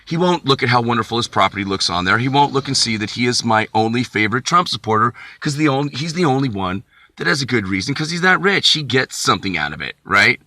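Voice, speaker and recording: A man's voice: medium pitch, sing-song, fast, bright, forceful tone, dry recording. A man vlogging, telling a rambling, profane comic story with frequent asides.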